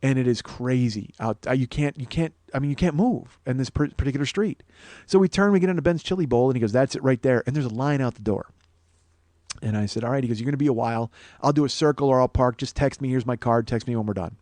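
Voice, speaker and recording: A man's voice: medium pitch, fast, a little mellow, no echo. Man in his forties, comic storyteller, swears freely, voices his characters, mid-range voice, dry close sound. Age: 40s. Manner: profane, acts out quoted dialogue. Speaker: comedian and podcast host. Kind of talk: casual storytelling monologue.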